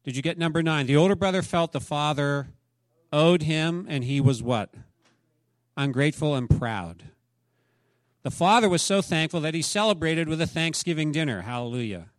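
A middle-aged man preaching a sermon as pastor, rising to emphatic peaks and then dropping soft. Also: on the high side, animated, normal speed, dry recording.

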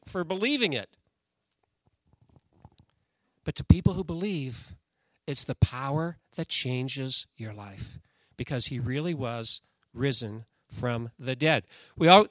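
A man's voice: sits high, pushed and bright, no room sound. A man preaching a sermon in a conversational way, reading scripture aloud and putting questions to the congregation. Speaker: pastor.

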